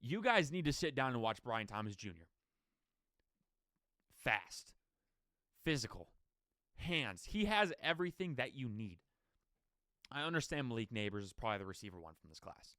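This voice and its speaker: A sports podcast host, a man, delivers solo commentary in a fast, animated rant, his pitch swinging up and down as he rattles off opinions and rhetorical questions. The recording is dry and close, with no room sound.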